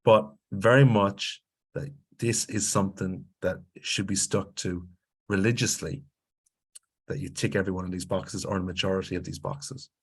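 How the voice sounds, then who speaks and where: Irish male presenter, lowish voice, emphatic lecturing webinar delivery. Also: steady tone, normal speed, husky. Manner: emphatic, lecturing, with frequent check-ins to the audience. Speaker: grants consultant presenting a webinar. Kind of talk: instructional webinar talk.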